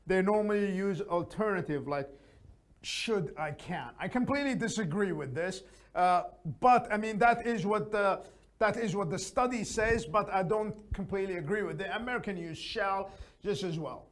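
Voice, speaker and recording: A man's voice: high-pitched, normal speed. A man teaching an English lesson in a chatty, casual way, often adding his own opinions. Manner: chatty, gives opinions, frequent fillers.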